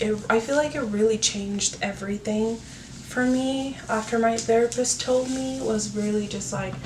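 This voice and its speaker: Female host, earnest casual advice chat with lots of fillers, recorded distant with faint hiss. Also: mid-range voice. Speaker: YouTube talk host. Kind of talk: casual advice talk while doing her hair. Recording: roomy, from a distance, faint noise.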